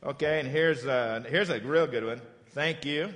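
A man giving a lesson to children in a patient, encouraging way, slowly repeating phrases for them to say back. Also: medium pitch, fairly bright tone, long reverb tail. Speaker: teacher.

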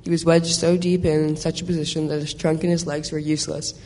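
Guy reading a kids' storybook aloud, mellow flat voice, echoey hall with faint hiss. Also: a little high, fast talker. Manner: lively reading with small restarts.

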